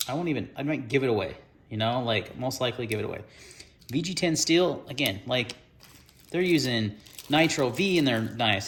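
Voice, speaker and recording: A man's voice: medium pitch, animated, normal speed, a bit bright, a little hiss or hum. A man hosting an unboxing video, talking casually and ranting in frustration about the gear.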